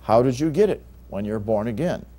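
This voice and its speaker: A male pastor delivers a Bible teaching sermon in a mellow, warm voice at a middling pitch. He reads scripture aloud and leans hard on key words, climbing up for emphasis. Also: expressive, brisk.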